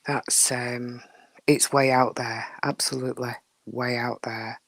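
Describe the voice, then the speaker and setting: Slow-talking woman chatting live. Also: extremely low pitch, little pitch movement, gravelly, no room sound. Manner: chatty, rambling, often drops to a near whisper. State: dry throat. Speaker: livestream host. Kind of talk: casual live chat with viewers.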